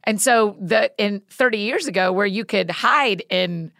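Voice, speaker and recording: A woman hosts the interview in a chatty, bubbly way, teasing herself as she goes. Her voice sits at a middle pitch and is recorded dry and close. She talks loudly and asks warm follow-up questions. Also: unhurried, creaky, dry recording. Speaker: podcast host. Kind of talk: casual interview chat.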